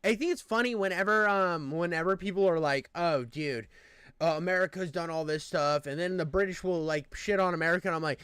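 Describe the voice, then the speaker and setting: A man's voice: high voice, brisk, fairly bright tone, smooth, no room sound. A young man reacting to a video in a heated, profane rant, full of fillers and restarts. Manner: profane, ranting, exasperated, lots of fillers. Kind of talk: heated casual commentary.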